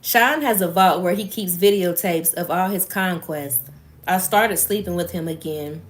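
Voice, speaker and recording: A woman's voice: fairly low pitch, a little slow. A woman reading a book aloud on a live stream, breaking off for blunt, profane, emphatic asides.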